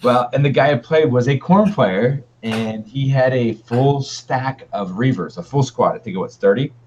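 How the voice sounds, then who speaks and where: A man's voice: medium pitch, normal speed, darkish tone, slight background noise. A man co-hosting a wargaming podcast in a laid-back, rambling chat with many fillers. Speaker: podcast co-host. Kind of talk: casual chat. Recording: dull lo-fi stream audio.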